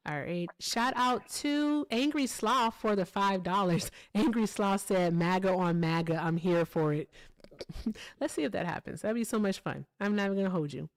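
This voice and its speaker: A woman's voice: mid-range voice, normal speed, no echo. Incredulous woman hosting a call-in stream. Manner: incredulous, pressing questions. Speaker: host. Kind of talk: live call-in debate stream.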